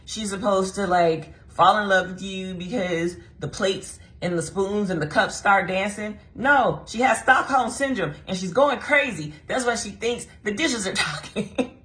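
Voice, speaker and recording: A young woman giving a casual, animated book review, laughing often and mocking the characters in put-on voices. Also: medium pitch, a little slow.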